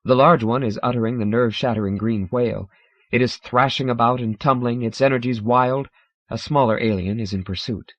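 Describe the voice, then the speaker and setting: Measured male audiobook narrator, dry sound. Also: mid-range voice, no echo. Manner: measured, dramatic. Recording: dry, slightly dull recording.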